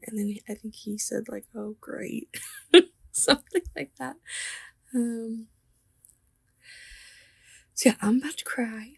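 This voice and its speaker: A woman's voice: on the high side, slow, gravelly, long pauses, a little mellow, husky, no echo, studio quality. A young woman vlogger telling a story in a casual, chatty way while she sketches, often laughing and sometimes dropping to a whisper. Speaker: artist vlogger.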